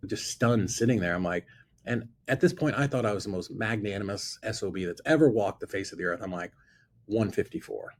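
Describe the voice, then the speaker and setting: A man telling an animated story about his past, acting out both sides of a conversation. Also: on the low side, fairly quick. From Florida. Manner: lively storyteller who acts out both sides of dialogue. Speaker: guest investor telling a story. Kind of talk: animated anecdote on a talk show.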